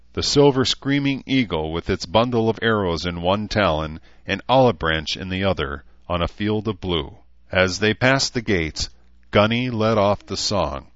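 A man reading an audiobook in an even, measured way. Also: low-pitched, no room sound, muffled recording. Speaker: audiobook narrator. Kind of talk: scripted narration.

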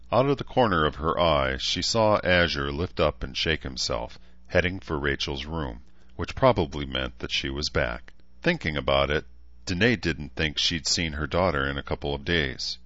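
Low, bright-toned male audiobook narrator, measured; dull dry recording. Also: no room sound. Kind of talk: scripted narration.

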